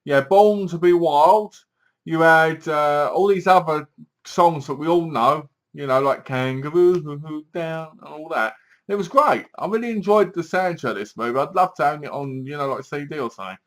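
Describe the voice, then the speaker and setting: A man talks through a movie in a loose, rambling way. He retells scenes and acts out the lines as he goes. His voice sits a little high for a man. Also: normal speed, fairly bright tone. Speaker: movie reviewer. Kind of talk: casual spoken film review.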